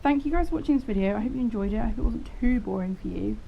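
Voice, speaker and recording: A woman talks over her horse-care footage in a chatty, self-deprecating ramble. Her voice carries a gravelly fry. The recording sounds dull and lo-fi, with a faint hiss underneath. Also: fairly high pitch, expressive, racing. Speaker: horse vlogger. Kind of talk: casual voice-over narration.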